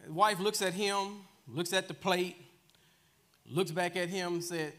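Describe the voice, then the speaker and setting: A man's voice: high-pitched, fairly even intonation, a little slow, fairly bright tone. A man preaching a sermon as minister, telling a joke story with chuckles before his teaching.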